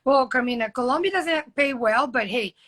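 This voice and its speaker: A woman's voice: sits high, normal speed, a bit bright. A woman in her thirties chatting casually and rambling on a live video call about modeling. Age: 30s. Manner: chatty, rambling, talks directly to the host. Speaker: model and guest.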